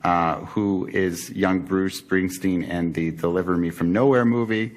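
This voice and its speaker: A man with a very low voice addresses a council meeting. He speaks earnestly, padding his points with fillers and self-corrections. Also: steady tone, measured pace. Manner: earnest, with many fillers and restarts. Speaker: council member. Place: council chamber.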